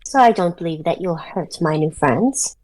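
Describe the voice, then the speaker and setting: A woman's voice: lowish voice, animated, normal speed, darkish tone, voice pushed down, poor audio. A woman voicing a stubborn young female elf noble who speaks in formal, stately phrasing. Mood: defiant.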